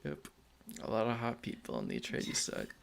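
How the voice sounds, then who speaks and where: A man's voice: on the low side, very animated, brisk, vocal fry, a little hiss or hum. A man co-hosting a casual movie-review podcast, giggling often as he eagerly explains the lore. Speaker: podcast co-host.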